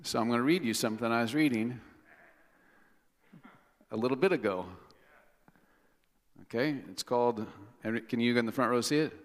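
A man's voice: mid-range voice, moderate pace, pauses often. A middle-aged pastor gives a sermon in a church sanctuary, talking in a loose, chatty way. He drops joking asides to the congregation between his points, and his voice sits in an ordinary mid range. A long hall reverb hangs after each phrase.

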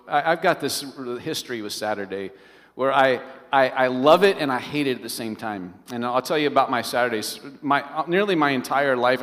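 A middle-aged man, a pastor, preaching a sermon as an animated storyteller who keeps asking the congregation questions. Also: mid-range voice. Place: large church hall. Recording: long reverb of a large hall.

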